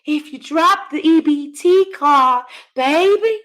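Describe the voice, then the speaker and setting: A woman mimicking a mother cooing at her daughter in a fake soft, sweet voice, mocking and drawn-out. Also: high-pitched, voice pushed up. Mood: sugary mocking.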